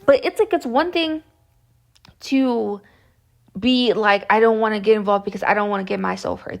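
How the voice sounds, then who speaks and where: Impassioned young woman vlogging. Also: a little high. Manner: impassioned, upset, rambling with many restarts. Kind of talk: reaction commentary to camera.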